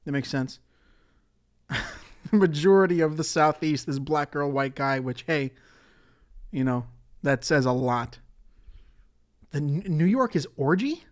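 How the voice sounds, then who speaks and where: A man's voice: a little high, animated, measured pace, long pauses. A man hosting a solo podcast in a casual, rambling way, swearing and laughing often. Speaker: podcast host.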